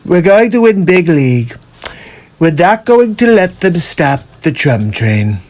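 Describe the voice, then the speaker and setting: A man's voice: high-pitched, sing-song, darkish tone. A man doing a celebrity impression of a boastful older male president who rambles and repeats himself. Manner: rambling, repetitive, drawn-out words.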